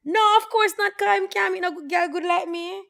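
Her pitch is extremely high, her pace brisk, and her voice creaky. As a podcast co-host in casual talk, she tells animated stories full of patois and acted-out quotes.

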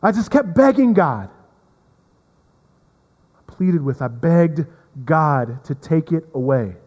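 Man, pastor, sermon, slightly high voice, earnest, repeats himself, long hall reverb. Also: expressive, takes it slowly. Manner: earnest, repeats words, swings from emphatic to hushed.

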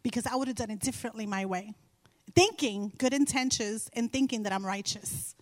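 A middle-aged woman sharing a Christian testimony with an audience, telling her story in an animated way and repeating phrases for emphasis. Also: a little high, fairly quick, no room sound. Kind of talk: faith testimony told to an audience.

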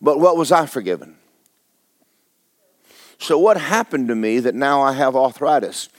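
A man's voice: mid-range voice, expressive, unhurried, dry recording, studio quality. A man preaching a sermon as pastor, talking to his congregation with rhetorical questions. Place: church sanctuary.

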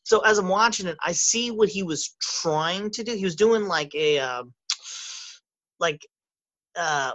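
A man in casual chat who rambles, stammers and restarts, acting out quotes loudly. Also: high voice, animated, unhurried, pauses often.

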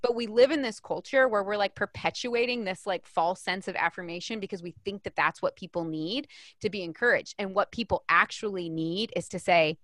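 A woman's voice: mid-range voice, fairly bright tone, no room sound, studio quality. Emphatic woman podcast guest. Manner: emphatic, fast-flowing, frequent "like" fillers. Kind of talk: podcast conversation.

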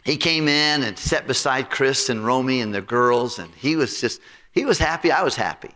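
A male pastor telling a personal story in an animated, conversational sermon. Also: medium pitch, normal speed. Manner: animated, conversational anecdote with repetitions. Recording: reverberant hall.

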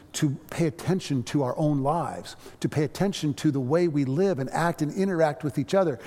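A fairly high-voiced man preaches a sermon in a church, his words ringing out with a long reverb from the hall. He tells stories in a conversational way, often restarting phrases and slowing down to lean on quotations. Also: vocal fry, darkish tone. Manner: storytelling with frequent restarts and slow emphasis on quotes. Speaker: pastor.

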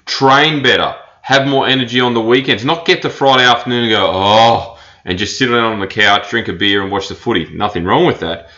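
A man's voice: mid-range voice, brisk, few pauses, sharp tone. Blunt man on a dull podcast recording. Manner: blunt, repeats his points with plain emphasis. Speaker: personal trainer and podcast host. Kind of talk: solo podcast monologue.

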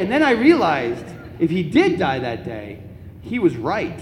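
High-voiced man telling funny stories in a hall. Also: a little slow, heavy background noise. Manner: animated, comic storytelling with laughs. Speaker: Catholic speaker. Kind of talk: storytelling talk to an audience. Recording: echoey hall, faint ambience.

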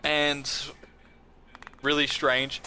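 A man's voice: a little high, monotone, drawn-out words, a loud crowd. A man telling a story in casual chat, laying out details step by step.

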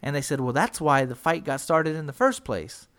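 Animated profane young man telling a story. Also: moderate pace. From San Antonio, Texas. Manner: animated, profane, acts out quoted voices in loud high bursts. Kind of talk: casual storytelling chat.

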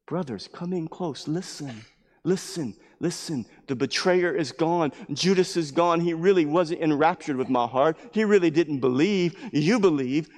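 An earnest male teacher pleading with his followers to stay close, as a preacher puts him on in a sermon. His rather high voice moves between hushed and impassioned. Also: lightly acted. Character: Jesus, gentle male teacher urging his disciples.

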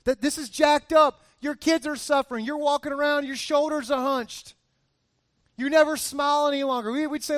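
High-voiced man in his forties preaching casually. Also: moderate pace, no room sound, clean studio sound. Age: 40s. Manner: casual, rising to emphatic bursts. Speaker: pastor. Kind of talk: conversational sermon.

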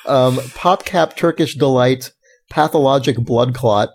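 A man's voice: medium pitch, unhurried, background noise. A man hosting a casual podcast, reading listener submissions aloud with frequent laughter. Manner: amused, reads names aloud, laughs often.

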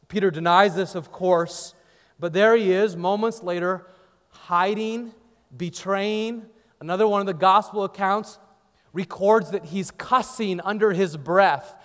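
A man's voice: high-pitched, a little slow, a bit bright, long reverb tail. A man preaching a sermon, telling the story with dramatic, acted-out dialogue. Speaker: pastor.

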